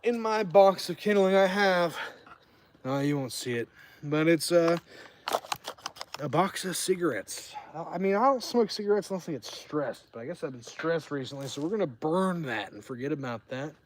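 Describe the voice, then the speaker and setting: A tipsy man chats live from beside an outdoor campfire, wandering from tangent to tangent with plenty of swearing. His voice sits a little high for a man, loose and unhurried in its drift. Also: animated. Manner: rambling and profane. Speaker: streamer. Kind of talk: casual livestream chat.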